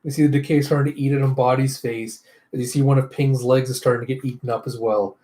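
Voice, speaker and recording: A man's voice: medium pitch, steady tone, quick pace, dark tone. Casual man reading a comic aloud. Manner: chatty, with sound-effect words. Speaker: comic readthrough host. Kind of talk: casual comic readthrough narration.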